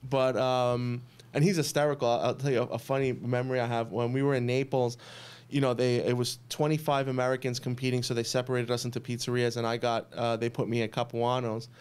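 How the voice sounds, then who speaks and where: Smooth-voiced man telling stories. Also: medium pitch, a little fast. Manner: animated, laughs through stories. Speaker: pizza chef guest. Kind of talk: casual podcast storytelling.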